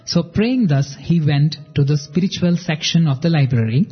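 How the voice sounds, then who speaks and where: A man with a husky, slightly high voice hosts a devotional program, telling stories earnestly and speaking directly to his listeners. The recording is somewhat muffled, with soft music underneath. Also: animated, moderate pace, long reverb tail. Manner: earnest storytelling, addresses listeners. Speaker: podcast host. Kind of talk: devotional narration.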